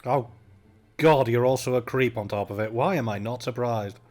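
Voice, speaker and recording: A man doing game commentary on stream, sarcastic, profane and loudly exasperated. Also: medium pitch, moderate pace. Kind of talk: game let's play commentary. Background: game music.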